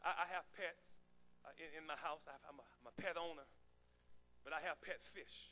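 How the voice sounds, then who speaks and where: A man pastor preaching a sermon, joking with the congregation and building to shouted calls. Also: a little high, fairly even intonation, brisk, slight background noise. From United States. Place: church sanctuary with congregation.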